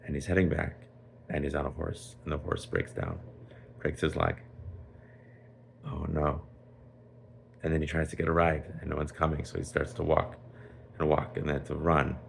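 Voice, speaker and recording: A rabbi spins a children's tale in a lively, chatty way, sprinkling in Yiddish and Hebrew words. His voice is extremely deep with a gravelly rasp, over a faint hiss. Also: a little fast. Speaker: rabbi storyteller. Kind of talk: animated storytelling for children.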